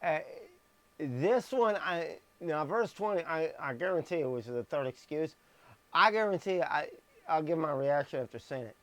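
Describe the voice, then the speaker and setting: A man with a slightly high, somewhat bright voice and lively intonation reads scripture at normal speed for a live-streamed Bible message. There's no echo on his streaming microphone, and he punches words and adds blunt, sarcastic asides.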